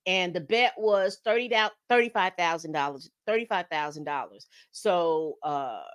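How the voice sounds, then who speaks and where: A woman hosting a podcast, casually recapping a TV episode, telling it like a story and acting out the characters' lines. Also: on the low side. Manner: animated storytelling, acts out quotes, calls listeners "baby".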